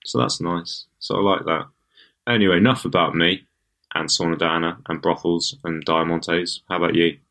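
A man's voice: sits low, steady tone, normal speed, vocal fry, bright, forceful tone. A man co-hosting a podcast, chatting casually and teasing playfully. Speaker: podcast co-host. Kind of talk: casual chat.

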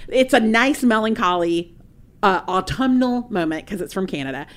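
A woman co-hosting a pop-culture podcast, talking in an emphatic, animated, mock-indignant way. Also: medium pitch, moderate pace. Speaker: podcast co-host. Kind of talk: casual pop-culture chat.

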